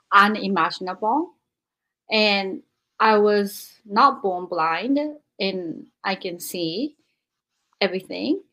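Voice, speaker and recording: A woman hosts a podcast interview, asking her questions slowly and politely. She speaks at a middle pitch and often hesitates with fillers as she searches for words. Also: fairly bright tone, lo-fi sound.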